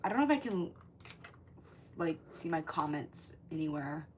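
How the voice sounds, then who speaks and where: Woman, 20s, livestream host. Casual, profane, animated chat with viewers. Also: sits low, moderate pace, a little hiss or hum. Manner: chatty, swears often, lots of "like", animated.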